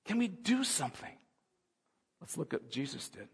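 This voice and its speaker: A male pastor giving a sermon, swinging from soft musing to loud, urgent preaching. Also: on the high side, big pitch swings, normal speed, vocal fry, breathy edge. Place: church hall. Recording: long hall reverb.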